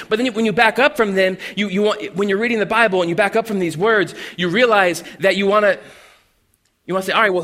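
A bright-toned male pastor with a high voice, talking through his sermon in a loose, conversational way. He stumbles and restarts often and acts out little asides as he goes. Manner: conversational, animated, with many restarts and acted-out asides. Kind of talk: casual sermon.

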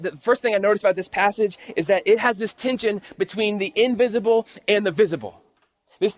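A high-voiced pastor preaching at church reads a scripture passage, then explains it piece by piece, speaking to his congregation in an easygoing, conversational manner.

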